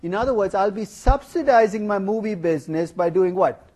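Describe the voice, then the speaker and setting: A middle-aged man giving a university finance lecture, animated and playful, asking the class rhetorical questions. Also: high-pitched, fairly quick. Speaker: finance professor. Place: lecture hall.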